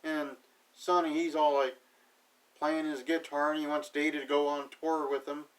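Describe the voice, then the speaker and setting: A man with a slightly high voice runs through an episode recap, dry and sarcastic, tossing off loose paraphrases of what everyone says. He sounds set back from the microphone, so the voice carries a little distance. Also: flat delivery, normal speed. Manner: sarcastic, paraphrases characters offhandedly. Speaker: TV episode reviewer.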